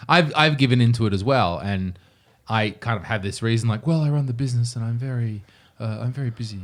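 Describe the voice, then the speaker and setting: A man's voice: medium pitch, brisk. A man co-hosting a casual podcast chat over beers, ranting emphatically and swearing freely. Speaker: podcast co-host.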